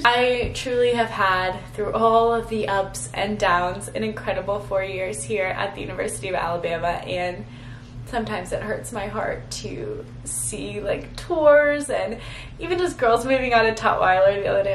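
A woman's voice: mid-range voice, moderate pace, reverberant, a little hiss or hum, poor audio. A woman in her twenties talking to the camera in a sentimental, rambling vlog, close to tears and full of fillers. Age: 20s. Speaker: vlogger.

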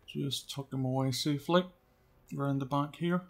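Man, let's play commentary, chatty, muttering under his breath, mid-pitched voice. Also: steady tone, moderate pace. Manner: chatty, drops to quiet muttering while sneaking. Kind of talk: casual gameplay commentary.

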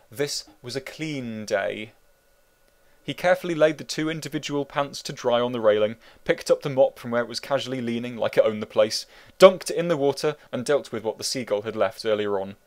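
A man who wrote the book, reading it as an audiobook narrator in a wry, meandering, deadpan way. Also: mid-range voice, a little fast.

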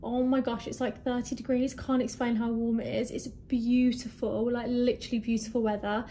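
A young woman in her twenties chatting excitedly in a casual travel vlog, a little out of breath, showing off her hotel room. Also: a little high, brisk, a little hiss or hum. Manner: chatty, bubbly, easily excited. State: slightly out of breath. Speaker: vlogger. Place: hotel room in hot weather.

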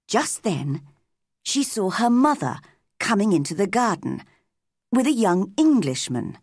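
A woman reads a story aloud at a very slow, deliberate pace for English learners. Her voice rises and falls in a lively way. The recording is close and dry. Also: medium pitch, no echo. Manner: clear, deliberate. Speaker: narrator.

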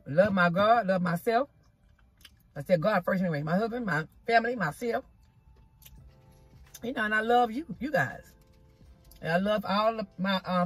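A woman vlogger with a breathy, middle-pitched voice chats over food into her phone camera outdoors in a parking spot, with faint music behind. It's a casual, chatty mukbang vlog, and she's folksy, drawling "child" and "y'all" as she eats.

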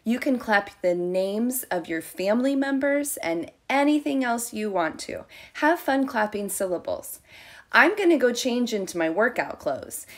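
Slow, sing-song woman preschool teacher. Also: a little high, lively intonation. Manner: slow, sing-song and encouraging, drawn-out words. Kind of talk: teaching young children on video.

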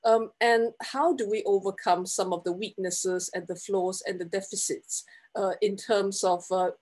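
A woman's voice: mid-range voice, steady tone, normal speed, darkish tone. A woman moderating an online panel, polite and hesitant, with frequent fillers and restarts, on a video call.

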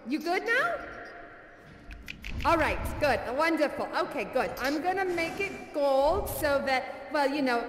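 A woman's voice: high-pitched, fairly bright tone, slight background noise. An actress playing a bubbly, gushing showgirl dancer who hosts a live variety show and keeps breathlessly thanking her guests. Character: bubbly effusive female showgirl dancer host. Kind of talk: live virtual reality theater performance. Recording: echoey hall with faint music.

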